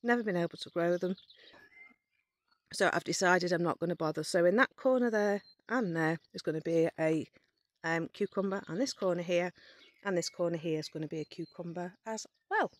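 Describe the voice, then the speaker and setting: A woman's voice: lowish voice, moderate pace, no echo. A woman giving a casual, chatty walk-around garden tour, explaining her methods step by step and a bit out of breath. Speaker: gardening vlogger. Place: outdoor garden and polytunnel.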